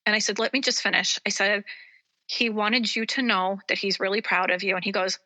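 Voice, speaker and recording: A woman psychic medium, a guest on an interview show, retelling a personal story in a halting way, with many ums and restarts. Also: medium pitch, steady tone, sharp tone.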